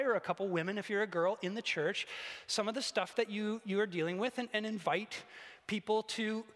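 Guy pastor preaching, really high bright voice, swoops loud then hushed, big echoey church. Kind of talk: sermon. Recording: echoey church hall, long reverb.

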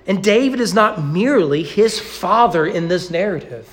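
Animated male preacher with a lively voice. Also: sits high. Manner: expressive preaching, slowing and stressing key words. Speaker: pastor. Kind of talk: sermon. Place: church sanctuary.

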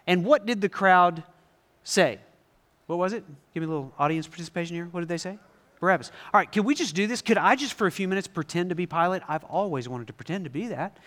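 A man preaching a sermon to a congregation, animated, asking them questions and acting out scenes. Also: high voice, fast talker. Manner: animated, asks the audience questions and acts out scenes. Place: large hall before a live congregation. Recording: long reverb in a large hall.

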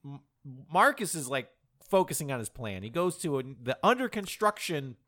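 Animated man recapping a movie. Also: a little high, normal speed. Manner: animated, laughing, acts out quotes. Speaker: podcast co-host. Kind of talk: casual chat recapping a movie.

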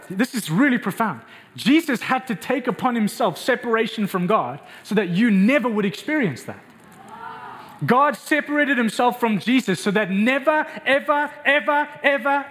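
A man's voice: very high voice, a bit bright, a little hiss or hum. A man preaching a passionate, emphatic sermon and speaking directly to his congregation in a church. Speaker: pastor.

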